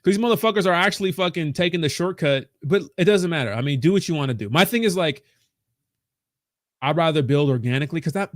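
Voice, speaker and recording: Hosting a crypto livestream from his small home studio, a man with a slightly high, expressive voice rants at a quick pace. His casual rambling is peppered with nonstop swearing, and the recording is dry.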